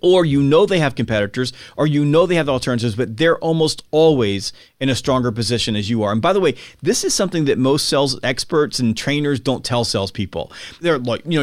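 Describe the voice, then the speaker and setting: A man as a podcast guest, explaining with emphatic energy and acting out buyers and sellers in quick quotes. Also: medium pitch, expressive, no echo, clean studio sound. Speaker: podcast guest, sales author. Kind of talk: conversational explaining.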